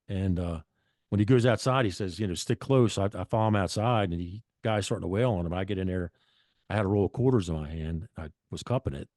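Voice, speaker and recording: Low-voiced middle aged guy, swears a lot, rambles and restarts, dead dry mic. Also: darkish tone, no echo. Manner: blunt, profane, rambling with restarts. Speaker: guest. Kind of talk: casual storytelling.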